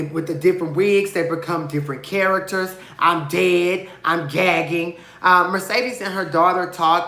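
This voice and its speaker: Sassy, dramatic man in an echoey room. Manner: dramatic, sassy and expressive, with big swings of pitch and loudness; gossipy and blunt, with slang and profanity. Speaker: TV show reviewer. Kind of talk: casual vlog episode review.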